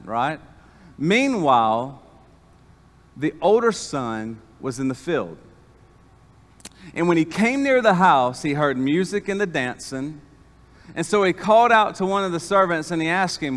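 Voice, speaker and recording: A man preaching an animated sermon as pastor, calling on the congregation to respond. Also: a little high, moderate pace. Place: church sanctuary. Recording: long church reverb.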